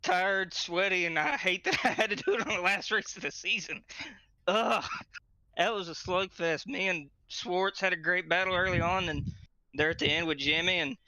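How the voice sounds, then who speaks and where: A young man, out of breath and excited, being interviewed right after winning a sim race championship. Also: high voice, normal speed, no room sound. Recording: dry, dull lo-fi mic.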